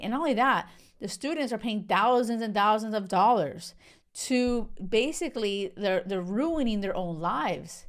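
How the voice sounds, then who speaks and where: A woman's voice: mid-range voice, moderate pace. Young woman, podcast host, casual solo talk, emphatic, indignant, lots of fillers. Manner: outraged, emphatic, many "like" and "you know" fillers.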